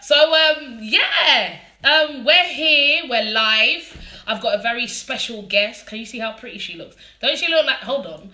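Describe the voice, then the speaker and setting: A woman's voice: a little high, animated, a little slow, hardly any pauses, pushed and bright, roomy sound. A woman with a London accent hosting a casual live interview, chatty and bubbly. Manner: chatty and bubbly, laughs often. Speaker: host. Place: living room.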